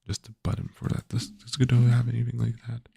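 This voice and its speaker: A man's voice: medium pitch, completely flat delivery, fast, gravelly, warm tone, breathy edge, dry recording, studio quality. A man, a game developer, thinking aloud casually while coding, hesitant with many filler sounds.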